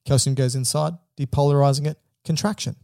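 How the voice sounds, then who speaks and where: Male podcast co-host, gravelly and warm, dry close sound, patient step-by-step teacher. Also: medium pitch, fairly even intonation, a little fast, dry recording. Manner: explains step by step, checks in with "right?". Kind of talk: educational physiology podcast chat.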